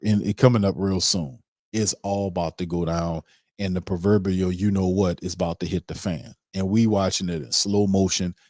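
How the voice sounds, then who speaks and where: Low-voiced man ranting on a sports podcast. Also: steady tone, moderate pace, a little mellow, dry recording, clean studio sound. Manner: emphatic, heated, repetitive ranting with slang. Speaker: podcast host. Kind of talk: casual sports commentary.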